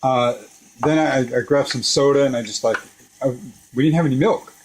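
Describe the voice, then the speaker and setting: A middle-aged man chats casually in his home kitchen while he cooks with his son. His voice sits at an ordinary pitch, and he tells his story in an animated way, laughing often. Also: moderate pace, slight background noise. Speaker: father cooking with his son. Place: home kitchen beside a deep fryer.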